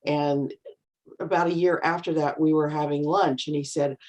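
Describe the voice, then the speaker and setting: A middle-aged woman talking as a guest, telling stories calmly and acting out the voices of people she quotes. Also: low voice, moderate pace. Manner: calm, anecdotal, acts out quoted voices. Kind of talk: casual storytelling chat.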